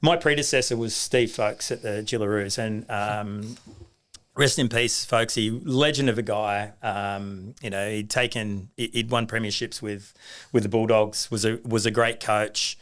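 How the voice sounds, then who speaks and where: A man's voice: lowish voice, fairly even intonation, a little slow, fairly bright tone. Chatty Australian man telling stories. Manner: anecdotal, acts out quoted voices, many restarts. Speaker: guest, rugby league coach. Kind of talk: storytelling in a casual interview.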